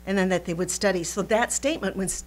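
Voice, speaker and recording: An animated woman teaching a Bible lesson in a playful, chatty style, often breaking into laughter. Her voice sits at an ordinary middle pitch. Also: fast talker. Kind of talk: recorded Bible study lesson.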